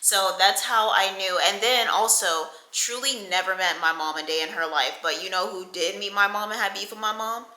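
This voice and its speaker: A young woman in her twenties tells a story straight to camera with a very bright, sharp voice. She is animated and chatty and swears freely. The sound has a roomy echo. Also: mid-range voice, moderate pace, hardly any pauses. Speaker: storytime vlogger. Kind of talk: casual storytime.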